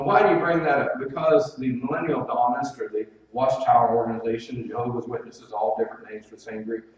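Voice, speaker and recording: A man's voice: mid-range voice, a little mellow. A male preacher delivering a sermon in a folksy, conversational way, with personal stories and asides. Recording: very echoey, distant, dull hall sound.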